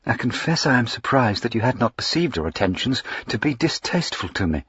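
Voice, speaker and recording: A man reading aloud, voicing a proud, indignant young Georgian lady in a raised, crisp, haughty voice. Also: mid-range voice, very animated, a little fast, fairly bright tone, no room sound, muffled recording, exaggerated voice.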